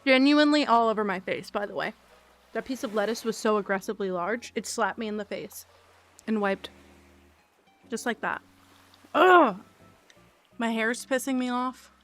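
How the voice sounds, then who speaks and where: Brief: young female streamer, higher voice, rambling and sweary, eating on mic, faint music behind. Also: moderate pace. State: eating while talking. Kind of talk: casual live-stream chat.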